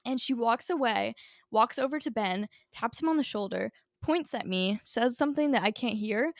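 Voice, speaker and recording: A woman's voice: on the high side, expressive, moderate pace, gravelly, no room sound. Gushing young woman, dry close voice. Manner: gushing, fills nearly every phrase with "like". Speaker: podcast co-host. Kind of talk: casual storytelling chat.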